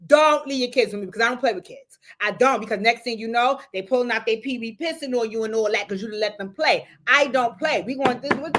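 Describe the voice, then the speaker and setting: A woman hosting a casual livestream, telling a loud, profane, animated story to her viewers. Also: a little high, a little fast, few pauses, slight background noise. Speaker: show host.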